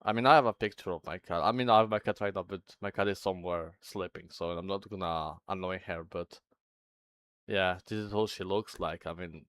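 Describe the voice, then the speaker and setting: A man with a lowish, smooth, clear voice chats with his livestream viewers. He rambles and breaks off mid-sentence, a little nervous. The sound is close and dry. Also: brisk, fairly bright tone, no room sound. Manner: rambling, self-interrupting, chatty. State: a bit anxious. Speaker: livestream host. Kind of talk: casual chat with viewers.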